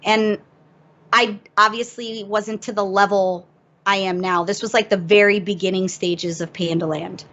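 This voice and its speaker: A woman guest on a podcast telling a story in a casual, animated way, poking fun at herself and laughing as she goes. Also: mid-range voice, moderate pace. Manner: animated, self-mocking, laughs through the story. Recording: dull lo-fi audio.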